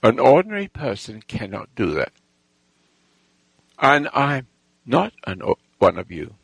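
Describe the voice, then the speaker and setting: A man with a creaky, gravelly voice drifts through a boastful personal anecdote at a slow pace. His pitch swings widely, and he stops and restarts often, losing his thread. The sound is close and dry. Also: huge pitch swings, fairly bright tone, no echo, poor audio. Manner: halting, with restarts and lost threads; boastful, self-assured storytelling.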